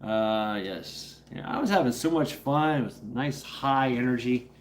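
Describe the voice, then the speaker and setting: A man's voice: medium pitch, a little slow. A man hosting a casual live stream, rambling playfully, greeting viewers by name and coaxing his dog between remarks. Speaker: livestream host.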